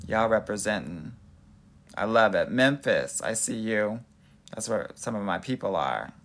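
A dating coach from Los Angeles, USA, hosts a live stream, greeting viewers and reading their comments in a sassy, playful way while calling them "honey" and "girl." His voice is lowish, expressive, and unhurried, with a fairly bright tone.

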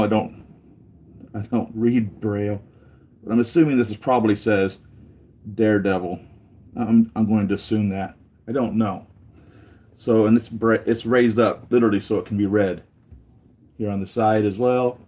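Male toy collector hosting a live unboxing; low, warm, loose and conversational. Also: fairly even intonation, normal speed, pauses often. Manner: rambling, easygoing, with many restarts and asides. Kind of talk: casual live unboxing chat.

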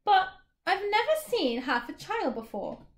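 Earnest storybook boy, quizzical, high and lifted, read by a woman. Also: very animated, measured pace, heavily acted. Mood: puzzled. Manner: questioning, earnest. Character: curious, patient young boy.

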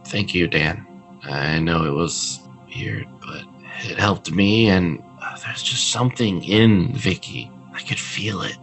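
Lowish voiced guy playing a priest in a rpg, solemn prayer vibe. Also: slow, fairly bright tone, faint music behind, poor audio. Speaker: player voicing a priest character. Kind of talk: in-character tabletop play.

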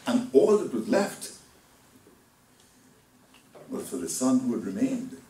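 Deacon preaching, voice swooping all over, loud then hushed, roomy echo and a bit far off. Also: male voice, mid-range voice, big pitch swings, slow pace. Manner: dramatic, swings from loud outbursts to hushed asides. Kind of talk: sermon. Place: church hall.

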